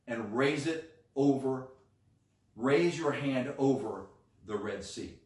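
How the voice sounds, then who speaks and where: A male pastor preaching a sermon with animated, emphatic delivery, acting out quoted lines. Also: medium pitch, slow. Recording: echoey room, mic at a distance.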